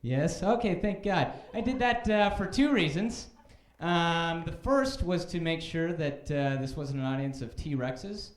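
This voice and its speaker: A man's voice: a little high, expressive, measured pace, hardly any pauses. A man opening his stand-up set with dry, awkward crowd work on a comedy club stage. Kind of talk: stand-up routine. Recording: roomy club echo.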